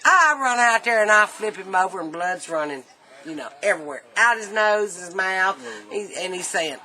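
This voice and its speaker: A woman's voice: medium pitch, animated, moderate pace, sharp tone, slight background noise, poor audio. A middle-aged woman telling a family story casually, laughing often.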